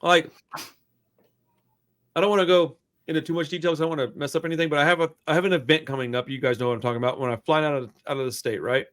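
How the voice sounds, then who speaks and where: A man hosting a podcast, telling a long story in a loose, profane, animated way. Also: fairly high pitch, rapid-fire. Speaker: podcast host. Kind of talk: casual storytelling chat.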